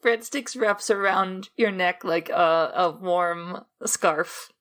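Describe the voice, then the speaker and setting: A woman's voice: fairly low pitch, slow, a bit bright. A woman playing a tabletop game who speaks in a playful, casual way. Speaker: player.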